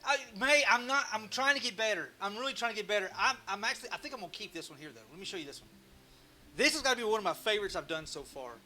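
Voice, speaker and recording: A man's voice: sits high, lively intonation, racing, bright, forceful tone. A man hosting a casual live stream, rambling and joking at his own expense. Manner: rambling, joking and self-mocking, with frequent restarts. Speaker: live-stream woodcarving host.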